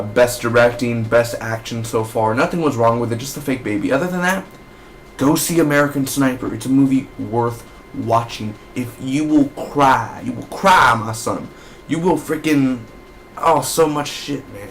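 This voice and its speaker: A man's voice: mid-range voice, moderate pace, slight background noise. A young man giving a casual, rambling movie review, enthusiastic and swearing freely. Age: young adult.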